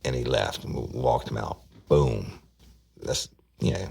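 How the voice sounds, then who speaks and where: A man's voice: rumbling low, animated, unhurried, creaky, a little mellow, breathy edge. A man, telling a true-crime story on a podcast in a rambling way, often repeating words and acting out what people said. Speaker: podcast host recounting a case.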